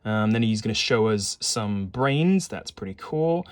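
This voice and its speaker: A man casually narrating a solo detective board game, reading the case aloud and thinking out loud with rambling, self-correcting asides and little jokes. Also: on the low side, expressive, measured pace, hardly any pauses, no room sound.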